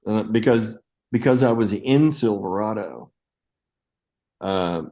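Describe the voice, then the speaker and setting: A man in his sixties, an actor telling lively anecdotes in a casual interview and acting out the voices of the people he quotes. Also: on the low side, takes it slowly, low-quality recording. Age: 60s. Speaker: actor guest.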